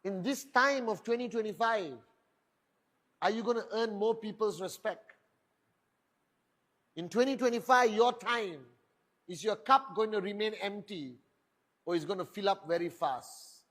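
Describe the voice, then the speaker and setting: High-voiced man giving a fiery pep talk. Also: a little slow, pauses often, a bit bright. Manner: rhetorical, questioning, boastful. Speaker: motivational speaker at a network marketing event. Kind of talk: motivational stage talk.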